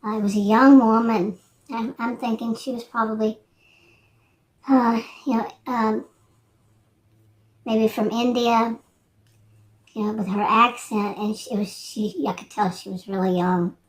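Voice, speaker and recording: Woman, sixties, vlogger, casual rambling chat, slightly high pitch, hesitant restarts. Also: steady tone, measured pace, pauses often. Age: 60s. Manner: meandering, hesitant, many restarts and fillers.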